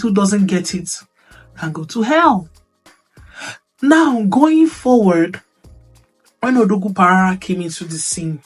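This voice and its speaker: A woman's voice: mid-range voice, breathy edge. A woman giving an earnest motivational talk. She repeats her points and keeps checking that the listener understands. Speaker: speaker on womanhood.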